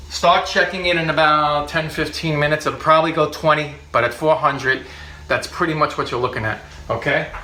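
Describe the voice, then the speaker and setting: A man with a slightly high voice runs a comedic cooking demonstration in his home kitchen. He chats and jokes, laughs at his own lines and repeats his points for emphasis. The kitchen sounds echoey, with clear noise behind him. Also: pushed and bright. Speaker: cooking show host.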